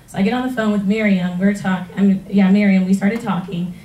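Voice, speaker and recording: Mellow-voiced woman telling her story. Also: medium pitch, fairly quick, lo-fi sound. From United States. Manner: animated, laughs often, acts out quoted conversations. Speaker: retired track athlete. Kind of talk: personal testimonial storytelling. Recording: roomy sound from a distance.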